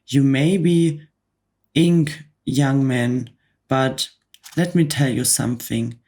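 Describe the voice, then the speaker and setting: In a soft, whispered role-play, a woman plays an enormous, enraged headmistress who snaps contemptuous commands at children. She barks and sneers in a very deep, slow, exaggerated voice.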